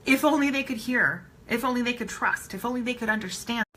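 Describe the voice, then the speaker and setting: A woman's voice: fairly high pitch, a little fast, bright, forceful tone, rough recording. A woman giving a live-streamed motivational talk, emphatic and blunt, swearing casually and repeating her points for emphasis. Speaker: motivational speaker.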